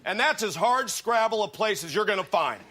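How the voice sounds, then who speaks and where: An actor playing an earnest, rambling older senator with a Pennsylvania accent in a sketch comedy debate parody. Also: male voice, sits high, animated, fairly quick, pushed and bright. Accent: Pennsylvania American. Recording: TV sketch with audience laughter. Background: studio audience laughter.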